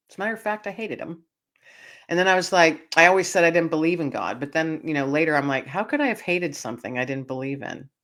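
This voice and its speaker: A woman's voice: low voice, a bit bright. Earnest, tearful woman podcast host. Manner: earnest, emotional, addresses listeners directly. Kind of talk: personal storytelling in an interview.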